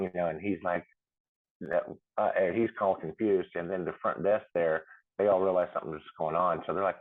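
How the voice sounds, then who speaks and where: A man's voice: deep voice, steady tone, moderate pace. A middle-aged man, a podcast guest, telling his near-death story in a rambling way, with many fillers and restarts and laughs between lines. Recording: tinny phone-like line.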